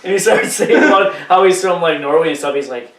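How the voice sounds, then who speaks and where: A man's voice: a little high, a little fast, a bit bright, distant mic. A man co-hosting a podcast, telling stories in casual, profane, joking talk. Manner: profane, jokey storytelling with put-on voices. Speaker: podcast co-host. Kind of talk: casual chat. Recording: roomy, off-mic.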